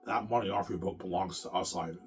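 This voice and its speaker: A man's voice: low-pitched, steady tone, fast talker, close to an everyday voice. A man mimicking smug, taunting male gatekeepers. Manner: taunting, condescending. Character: smug threatening male power brokers.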